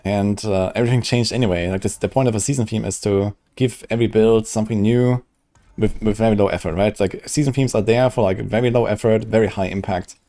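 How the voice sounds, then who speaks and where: A man chats bluntly on a live stream, pressing his points hard and cursing along the way. His voice is low and mellow, dark in tone. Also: steady tone, fairly quick. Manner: blunt and emphatic, swears freely. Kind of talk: casual live-stream chat.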